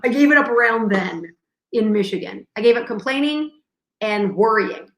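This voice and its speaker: A woman's voice: a little high, animated, moderate pace. A young adult woman co-hosting a casual chat and telling stories, acting out the dialogue as she goes. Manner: chatty storyteller, acts out dialogue. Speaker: co-host. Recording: echoey room.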